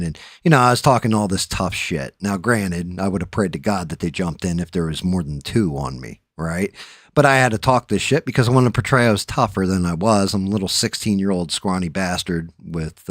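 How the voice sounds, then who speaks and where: Deep-voiced, profane middle-aged man. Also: normal speed, dry recording, clean studio sound. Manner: profane, rambling, loud laughs. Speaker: host. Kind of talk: casual storytelling chat. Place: home streaming setup.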